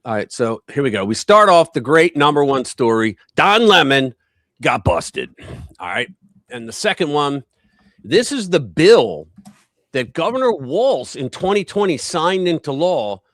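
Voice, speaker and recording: Animated male live-stream host. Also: fairly high pitch, unhurried, no room sound. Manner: animated, rambling, acts out quotes in raised voice. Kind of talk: casual political chat.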